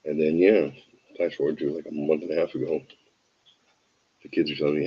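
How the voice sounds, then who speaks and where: A man's voice: extremely low pitch, little pitch movement, fairly quick, long pauses, husky, highs cut off. A tired man hosting a show, telling a rambling, wry, self-deprecating anecdote full of digressions. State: tired from an early start. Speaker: show host. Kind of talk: casual anecdote storytelling.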